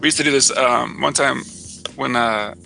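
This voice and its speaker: A man hosting a live-streamed show in casual chat, joking and laughing often, with soft music behind. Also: medium pitch, moderate pace, vocal fry. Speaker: show host. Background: soft background music.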